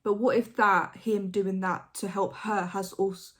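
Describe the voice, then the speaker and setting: Speaking a little slowly in a mid-range voice with fairly even intonation, a young reaction channel host offers casual commentary. She thinks out loud haltingly, wandering with lots of fillers and false starts.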